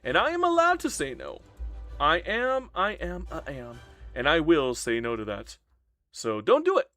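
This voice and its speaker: Lively, bright-voiced male streamer. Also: a little high, dry recording, studio quality. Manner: playful, answers chat and mock-complains. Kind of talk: live-stream gameplay commentary.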